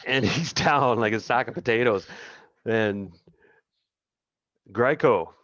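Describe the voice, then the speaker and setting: Slow-talking man running a tabletop game. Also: medium pitch, fairly bright tone, no echo, highs cut off. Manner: chuckling, halting narration with many restarts. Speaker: game master.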